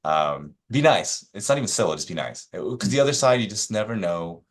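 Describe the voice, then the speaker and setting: A man, a real estate broker guest on a podcast, telling stories casually with lots of fillers and acting out the people he quotes. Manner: animated, acts out quoted agents with rising pitch; many fillers, quick asides.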